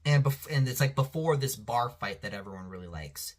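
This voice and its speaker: A man's voice: mid-range voice, lively intonation, fairly quick, a little mellow. A man talking casually as a reviewer, rambling and swearing freely, with many restarts and fillers. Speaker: show reviewer.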